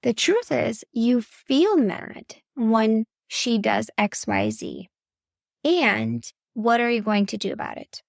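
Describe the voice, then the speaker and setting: A woman's voice: on the high side, sing-song, slow pace, creaky, no echo, clean studio sound. A woman podcast host and parenting coach giving earnest, faith-based coaching talk straight to the listener. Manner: earnest, instructive, addresses listener directly.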